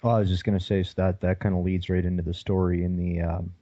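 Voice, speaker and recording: A man's voice: low voice, little pitch movement, fast talker, warm tone, no echo, muffled recording. A man hosting a radio interview, asking casual questions in a hesitant way. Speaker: interview host.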